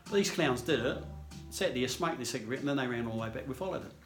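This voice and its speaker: An older man from New Zealand with a New Zealand accent, telling stories in a relaxed, casual way and laughing often. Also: mid-range voice, fast, roomy sound, faint music behind. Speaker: storyteller. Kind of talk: casual storytelling.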